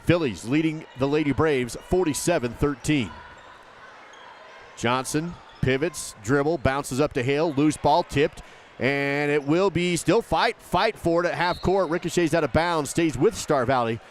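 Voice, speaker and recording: A man calling a high school basketball game play by play, rapid and rising with each basket. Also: a little hiss or hum. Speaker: play-by-play commentator. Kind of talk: live basketball commentary.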